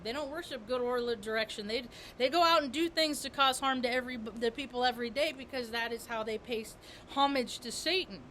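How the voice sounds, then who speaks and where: High, bright-voiced rambling woman vlogger. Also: slight background noise. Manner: rambling, repeats and restarts words, emphatic. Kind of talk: rambling spiritual monologue.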